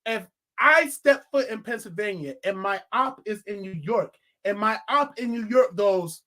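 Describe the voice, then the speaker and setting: A young man giving a casual, animated movie review, swearing freely and laughing often. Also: high voice, measured pace. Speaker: film reviewer.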